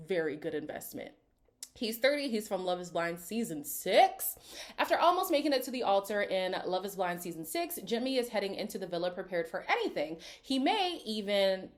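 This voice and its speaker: Woman, casual recap vlogger, sassy asides, very animated pitch. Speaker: reality TV recap YouTuber. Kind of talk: casual reaction commentary reading cast bios.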